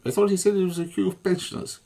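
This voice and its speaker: A man's voice: high voice, flat delivery, fast, vocal fry, dark tone. A man delivering an angry, swearing monologue as an online commentator, furious and repetitive.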